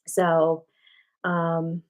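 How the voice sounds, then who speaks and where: A woman's voice: low-pitched, monotone, extremely slow. An older woman hosting a casual live-stream chat at home, talking with fillers and restarts into a cheap desktop microphone. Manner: chatty, thinks aloud with fillers and restarts. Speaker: channel host answering live chat. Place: home room.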